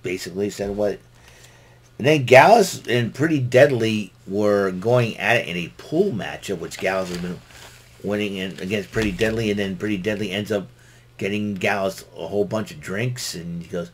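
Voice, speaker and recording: Low-voiced man rambling through a recap. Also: moderate pace, slightly rough. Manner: rambling, frequent restarts. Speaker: solo show host recapping wrestling. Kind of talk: casual spoken recap.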